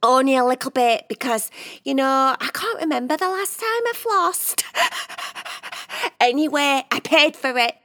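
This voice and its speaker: Woman as a gushing, over-the-top cat girl for a kids' bedtime story; bright, high and bouncy. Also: a little slow. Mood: complaining. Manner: dramatic, gushing and exaggerating. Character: dramatic, fibbing female cat who exaggerates.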